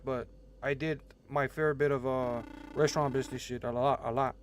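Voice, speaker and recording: A man's voice: mid-range voice, fairly even intonation, moderate pace, a little hiss or hum. Crude mumbling gamer guy. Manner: crude, joking, often mumbled and quiet asides. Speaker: gaming streamer. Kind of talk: casual game commentary.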